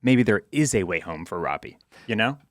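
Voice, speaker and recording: A man's voice: fairly low pitch, lively intonation, a little fast, a bit bright, no echo. Man, podcast co-host, analytical casual chat, stammering restarts, dry mic.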